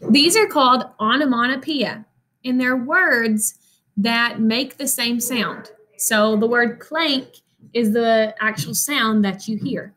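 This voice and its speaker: A woman teacher reading a picture book aloud to children, expressive and animated, stopping to explain words. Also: fairly high pitch, measured pace, poor audio.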